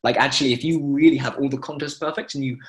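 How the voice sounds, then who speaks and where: A man's voice: mid-range voice, fairly even intonation, fast talker. Male chant teacher on a video call, keen and chatty, slipping into short sung phrases. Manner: enthusiastic, breaks into sung chant examples. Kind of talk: online class teaching.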